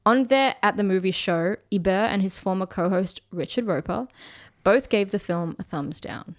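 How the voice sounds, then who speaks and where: A woman co-hosts a casual podcast chat and reads out film trivia and reviews with dry amusement. Her voice sits at a middle pitch and sounds close and dry, with no room around it. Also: normal speed, no echo. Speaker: podcast co-host.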